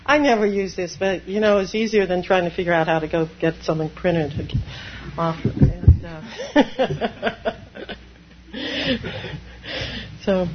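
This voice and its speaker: A woman Zen priest giving a dharma talk, animated, laughing often and acting out inner voices. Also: on the low side, highs cut off, a little hiss or hum.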